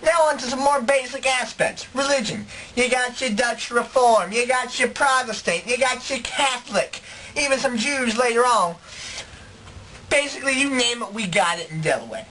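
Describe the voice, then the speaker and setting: Man, mock documentary narration, lively pitch, faint hiss. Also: poor audio. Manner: offhand, listing things. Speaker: comedy video host.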